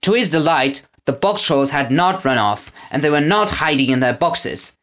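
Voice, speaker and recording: A woman narrating a children's audiobook with an expressive reading style. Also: low voice, normal speed. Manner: expressive reading, lively intonation. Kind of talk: storybook narration.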